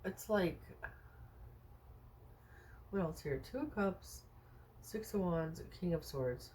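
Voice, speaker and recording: A woman's voice: fairly low pitch, lively intonation, takes it slowly, dark tone, slight background noise. A woman doing a casual tarot reading for viewers, thinking aloud with many fillers and rhetorical questions in a chatty, reassuring way. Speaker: tarot card reader.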